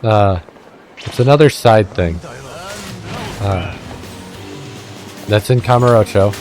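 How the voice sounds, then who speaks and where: A man's voice: lowish voice, slow, over music. A man casually commenting on his own gameplay, talking frankly with plenty of "uh"s and the odd swear word. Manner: relaxed, frank, swears, many filler "uh"s. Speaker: let's play host.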